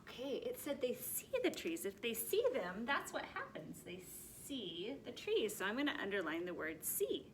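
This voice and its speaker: A woman teaching a first grade lesson, speaking slowly and clearly in an encouraging teacher's manner. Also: a little high, big pitch swings, a little hiss or hum. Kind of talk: recorded classroom lesson.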